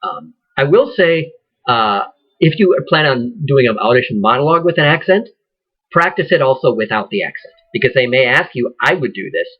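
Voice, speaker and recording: A man's voice: mid-range voice, expressive, moderate pace, highs cut off. A man who sounds like an acting teacher, giving a casual lecture that rambles along with fillers and restarts.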